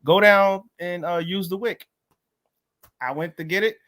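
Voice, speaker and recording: High-voiced man telling a story. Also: measured pace, fairly bright tone. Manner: emotional, acts out voices, laughs often. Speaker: guest, motorcycle club president. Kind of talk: animated storytelling.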